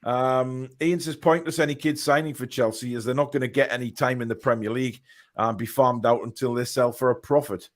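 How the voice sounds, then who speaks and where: A man's voice: medium pitch, fairly even intonation, fairly quick. A man hosting a casual football show on a video call, talking hesitantly with many fillers and reading viewer comments aloud.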